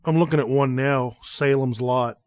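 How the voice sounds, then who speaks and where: A man co-hosting a casual podcast, speaking in an easygoing way and trailing off softly at the ends of phrases. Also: mid-range voice, steady tone, moderate pace, muffled recording. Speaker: podcast co-host.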